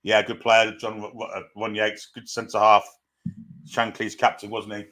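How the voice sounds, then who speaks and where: A man's voice: fairly low pitch, monotone, measured pace, fairly bright tone. A man casually commentating a football match live, greeting viewers and reading their comments aloud. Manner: chatty, greets viewers, reads chat aloud. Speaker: live stream host.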